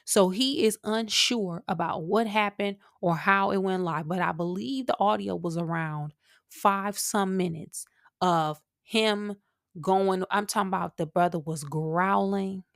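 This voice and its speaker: A woman hosts her podcast in a casual, animated monologue and keeps turning to her listeners. Her voice sits at a middle pitch. The sound is dry and close, with no room in it. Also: no echo. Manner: chatty and animated, with asides to listeners. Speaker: podcast host.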